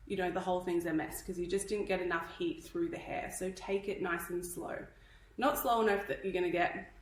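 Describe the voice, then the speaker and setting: A woman's voice: fairly low pitch, a little mellow, echoey room, low-quality recording. A woman from Australia teaching hairstyling in a live tutorial, chatty and instructive, a little out of breath. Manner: chatty, instructive, checks in with "okay?". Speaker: hairdressing educator.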